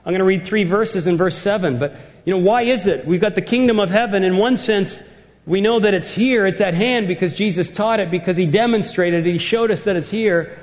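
A man delivers a sermon in a notably high voice, emphatic and repeating words for effect. His voice carries a long reverb, as if filling a large church hall. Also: fairly quick. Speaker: pastor.

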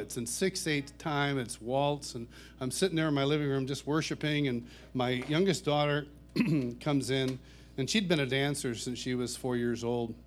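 A middle-aged man, a worship songwriter, telling personal stories to a church audience in a warm, chuckling, self-deprecating way. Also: mid-range voice, a little hiss or hum. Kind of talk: anecdotal storytelling talk.

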